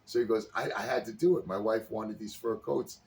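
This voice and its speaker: A deep-voiced man chats casually, retelling a comedy scene and slipping into each character's voice as he goes. He sounds a little set back from the microphone. A soft hum of background noise sits under his voice. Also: a little fast, creaky. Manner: animated storyteller acting out characters' lines. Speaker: podcast co-host. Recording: slightly distant mic with faint background noise.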